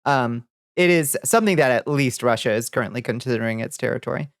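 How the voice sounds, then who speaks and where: A woman's voice: very deep voice, fast talker, no echo. Chill woman vtuber shooting the breeze w/ chat, swears a lot, dead dry mic. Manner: laid-back, swears freely, greets chatters by name. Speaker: vtuber streamer. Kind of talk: casual livestream chat with viewers.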